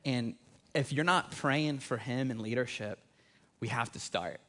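A man in his thirties preaching a sermon with energetic, conversational emphasis that rises on key points. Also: mid-range voice, a little slow. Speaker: pastor.

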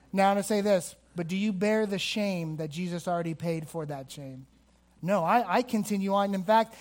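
High-voiced male pastor preaching. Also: a little mellow. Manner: preaching with emphatic rises and slow, dropped-voice stresses. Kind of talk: sermon. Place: church hall with a congregation.

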